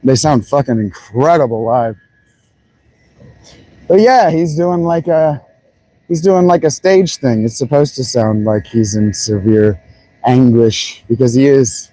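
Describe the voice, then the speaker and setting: A man's voice: medium pitch, unhurried, dark tone, poor audio. A man streaming, chatting casually and loosely, swearing as he muses aloud. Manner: loose and profane, musing aloud. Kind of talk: casual chat.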